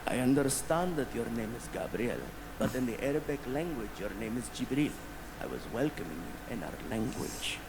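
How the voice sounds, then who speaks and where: A man voicing a young prince who speaks in a slow, polite and formal way. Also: mid-range voice, very animated, voice pushed down, lightly acted. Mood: formal gracious. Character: young male prince, formal, calm and gracious. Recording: noisy stand-up show recording.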